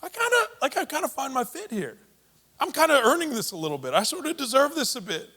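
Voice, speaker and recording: A man voicing Peter as an eager, excitable young fisherman who gushes about his friends. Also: extremely high pitch, fast, pitched above the performer's own voice, heavily acted. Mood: sheepish.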